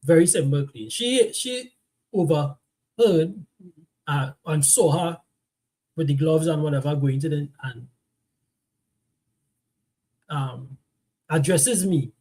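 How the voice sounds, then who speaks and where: A man's voice: fairly high pitch, slow, long pauses, mellow. A man co-hosting a live relationship talk show, explaining his views at length and telling stories from home in casual chat.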